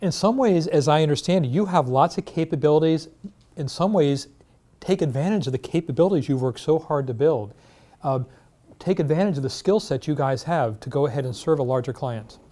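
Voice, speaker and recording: A man leading a workshop presentation in a meeting room, energetic, asking rhetorical questions and telling stories. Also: fairly high pitch, fairly quick, soft background music. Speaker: insurance industry trainer.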